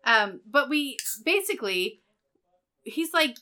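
A woman's voice: fairly high pitch, expressive, unhurried, bright, forceful tone. A woman co-hosting a podcast in casual chat, joking, swearing and acting out characters' lines. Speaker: podcast co-host.

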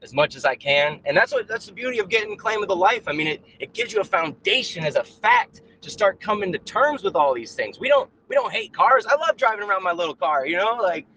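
Rambling man on a remote call, bright tone, slight hiss behind. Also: high voice, fairly quick, hardly any pauses, rough recording. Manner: rambling, animated, many fillers and restarts; puts on mocking voices when quoting. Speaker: guest on a live stream. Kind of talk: casual chat, ranting. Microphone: own mic on a remote call.

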